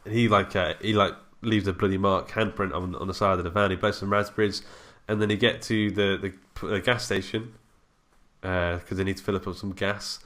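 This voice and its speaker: Low-voiced man chatting casually. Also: normal speed. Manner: relaxed, rambling, laughs often. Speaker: podcast co-host. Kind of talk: casual film chat.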